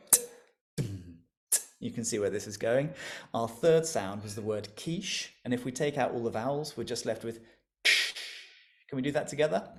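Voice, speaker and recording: A man leading an interactive online music lesson over a video call, encouraging and playful, laughing often as he leads the group in call-and-response. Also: medium pitch.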